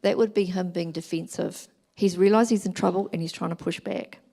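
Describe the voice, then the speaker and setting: Middle-aged New woman, speaker at a church family weekend, lower register, gravelly edge. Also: fairly even intonation, fairly quick. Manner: gentle, explanatory, acts out examples in quoted voices. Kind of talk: talk.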